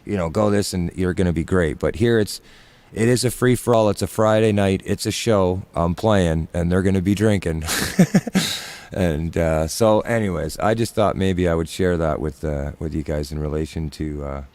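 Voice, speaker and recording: A man with a deep, low voice tells a rambling, filler-heavy story in casual stream chat. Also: fairly even intonation, moderate pace, a little mellow. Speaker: musician and regular on a live stream chat.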